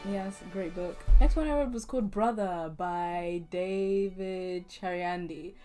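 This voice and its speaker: A woman's voice: on the low side, slow pace, over music. Chatty young woman reviewing books. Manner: chatty and playful, laughs often. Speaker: book vlogger. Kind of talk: casual book review chat.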